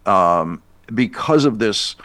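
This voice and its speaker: Low-voiced man from Boston, rambling. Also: animated, slow pace, bright, forceful tone, no echo. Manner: rambling, many restarts and fillers. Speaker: guest TV news anchor. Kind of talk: casual radio interview.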